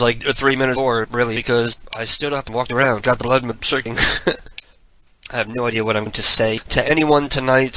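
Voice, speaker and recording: A man's voice: medium pitch, sharp tone, poor audio. A man in his forties hosting a live prank call show, telling stories in a rambling, self-mocking way with chuckles. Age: 40s. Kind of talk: casual live radio monologue.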